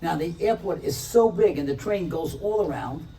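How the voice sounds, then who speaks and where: A man tells a story in an inspirational talk, switching into the voices of each character as he goes. His voice is mellow and sits slightly high for a man. He is picked up from a distance, with a faint room hum behind. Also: normal speed. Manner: animated, acts out the characters' lines. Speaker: rabbi, speaker.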